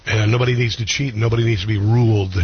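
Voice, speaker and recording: A man's voice: fairly low pitch, fairly even intonation, quick pace, slightly rough, highs cut off. A man hosting political talk radio, blunt and opinionated, with frequent ums and restarts.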